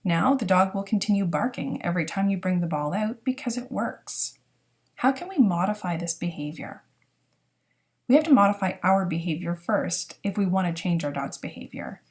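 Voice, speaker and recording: Woman calmly explaining dog training. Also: lowish voice, normal speed. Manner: clear, explanatory, step-by-step. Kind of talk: recorded lecture narration.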